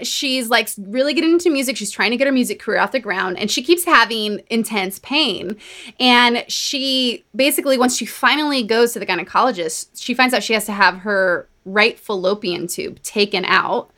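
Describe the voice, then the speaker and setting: A woman hosting a conversational podcast, her voice sitting a little high. She chats through a book recap and her own stories, animated and quick to slip into quoted voices. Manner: chatty, animated storytelling with laughs and quoted voices. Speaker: podcast host. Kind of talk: casual chat recapping a book.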